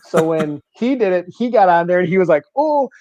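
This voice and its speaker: A man guesting on a bowling podcast tells stories casually and animatedly, laughing often and repeating words. His voice sits high, with a darkish tone and a slightly fast pace, and the dry lo-fi recording is slightly dull with a little hiss or hum.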